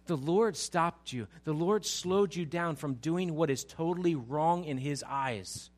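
Male pastor, sermon delivery, slightly higher voice, animated and emphatic, speaks straight to the congregation. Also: measured pace, few pauses. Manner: animated, rising to loud emphatic passages; addresses the congregation directly.

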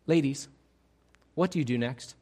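A man preaching a sermon as pastor, animated, moving from quiet asides to loud excited outbursts. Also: mid-range voice, moderate pace.

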